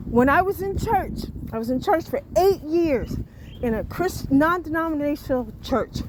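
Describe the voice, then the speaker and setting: A woman's voice: high voice, noisy background. A woman hosting a podcast, talking frankly in a casual solo monologue and often asking "you understand?". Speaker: podcast host.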